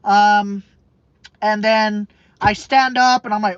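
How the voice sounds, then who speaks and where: A man's voice: high voice, fairly even intonation, slow, a bit bright, clear, resonant tone, no room sound. A man telling a personal story in a rambling way, repeating himself and often restarting his sentences. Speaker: vlogger. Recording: dull, dry lo-fi recording.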